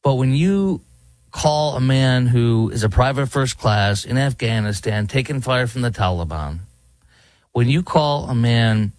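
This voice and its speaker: A man's voice: medium pitch, no room sound. A man hosting a talk show, ranting in opinionated political commentary and now and then mocking people with impressions. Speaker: talk radio host. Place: Dallas.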